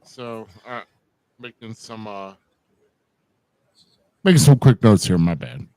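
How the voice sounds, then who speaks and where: A man's voice: on the low side, sing-song, slow, warm tone. A man co-hosting a casual wrestling recap podcast, loose and joking, calling people bro and dude. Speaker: podcast co-host.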